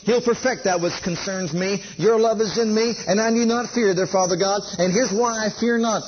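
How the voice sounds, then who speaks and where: A man's voice: high-pitched, normal speed, lo-fi sound, slight background noise. A man preaching a sermon, emphatic and repeating key phrases, leading listeners to say lines after him.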